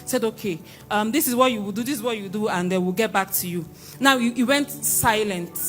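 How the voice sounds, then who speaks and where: A young Nigerian woman giving an excited church testimony, exclaiming and repeating phrases. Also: mid-range voice, a little fast, soft background music. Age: young adult.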